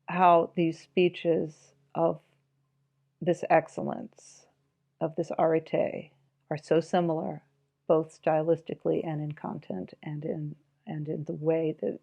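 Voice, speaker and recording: A woman's voice: low-pitched, creaky, warm tone. A woman giving an informal, reflective spoken commentary on a book, musing aloud and reading passages from it.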